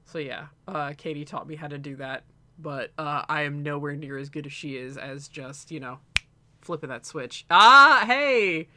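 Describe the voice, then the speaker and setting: A man's voice: a little high, expressive, normal speed, bright, forceful tone, slight background noise. A man co-hosting a stream, chatting casually, rambling with frequent laughter and swearing. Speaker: streamer co-host. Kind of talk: casual chat.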